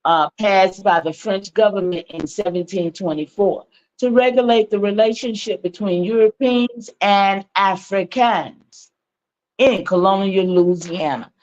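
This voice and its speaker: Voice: medium pitch, unhurried, darkish tone. Conversational panelist on a dull line. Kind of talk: history discussion panel.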